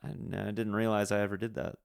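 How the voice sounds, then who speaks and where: A man's voice: lowish voice, flat delivery, quick pace, vocal fry, clean tone. A young adult man talking casually on a podcast as a son, reflective and rambling a little. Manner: reflective, with many restarts and fillers. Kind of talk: casual chat.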